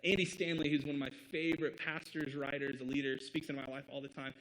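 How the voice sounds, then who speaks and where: A man's voice: mid-range voice, level tone, fast talker, a bit bright, poor audio. A man from the American Midwest preaching a sermon as pastor in an earnest, conversational way, with short laughs between points. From Midwest United States.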